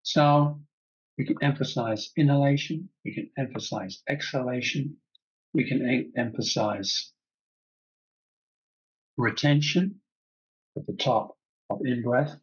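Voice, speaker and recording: A man teaching a breathwork class, calmly guiding the breath and repeating key phrases. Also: mid-range voice, takes it slowly, pauses often, lo-fi sound.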